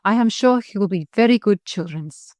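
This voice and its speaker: A shrill, fussy French governess, as a woman narrator puts her on in a storybook reading, speaking in stiff, broken phrases with a strong French accent. The voice sits at an even middle pitch. It is recorded dry and close, with no room sound. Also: normal speed, dry recording, lightly acted.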